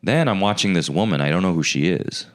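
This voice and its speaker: A man's voice: low voice, lively intonation, fast talker. A man hosting a comedy podcast, talking in a blunt, sardonic, teasing way. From Canada. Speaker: podcast host. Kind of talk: casual comedic chat.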